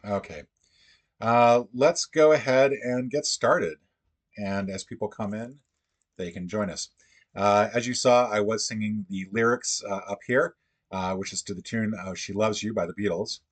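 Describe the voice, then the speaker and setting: Casting: low, husky male stream host, halting, musing, talks to chat. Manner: thinks aloud, halting and musing. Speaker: livestream puzzle host. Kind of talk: casual livestream chat.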